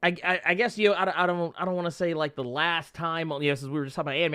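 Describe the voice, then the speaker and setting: A man's voice: fairly high pitch, fairly even intonation, racing, sharp tone, smooth. A man hosting a casual interview chat, rambling with many restarts and frequent laughter. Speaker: podcast host.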